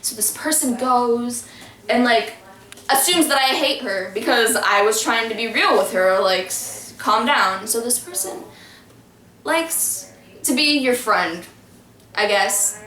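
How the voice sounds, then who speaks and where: Young woman rambling about online drama, bright high voice, echoey room from afar. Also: animated, slow pace, distant mic. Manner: rambling, many restarts and fillers. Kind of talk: casual storytelling.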